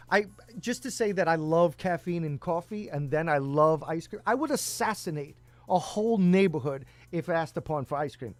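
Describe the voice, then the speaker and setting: A man with a somewhat high voice chats casually as a talk show co-host, spinning loose anecdotes full of laughs and the odd curse. Soft music plays faintly behind him. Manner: storytelling, laughs often, swears. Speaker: podcast co-host. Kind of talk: casual chat.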